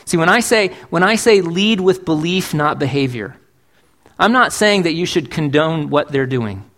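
Brief: pastor giving a sermon, emphatic, fairly high-pitched man's voice. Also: lively intonation, normal speed, fairly bright tone. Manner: emphatic, asks rhetorical questions, acts out quotes. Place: church.

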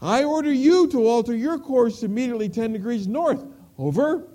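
A man voicing a polite young male private who calmly holds his ground. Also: very high-pitched, moderate pace, pitched above the performer's own voice. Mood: steady. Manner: level, respectful, unmoved.

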